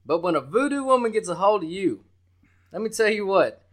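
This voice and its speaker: A man co-hosting a sports betting podcast, talking loudly and brashly with lots of swearing and hype. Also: high voice, big pitch swings, a little fast. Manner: loud, brash, profane and hyped. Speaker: podcast co-host.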